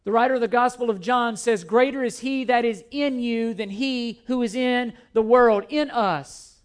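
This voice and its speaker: Man, very high voice, pastor, emphatic sermon, repeats key phrases. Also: moderate pace. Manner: repetitive, emphatic preaching with scripture quotes.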